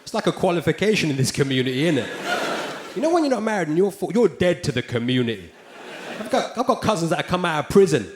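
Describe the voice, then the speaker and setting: A man doing loud, brash stand-up comedy with lots of swearing and quick switches into character voices. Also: fairly high pitch, big pitch swings, a little hiss or hum. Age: 40s. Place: large theatre with a live audience. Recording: echoey live venue recording.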